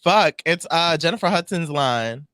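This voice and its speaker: A young man co-hosting a podcast in relaxed chat, tossing in movie quotes and laughing asides. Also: on the high side, measured pace, smooth, dry recording, clean studio sound. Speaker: podcast co-host.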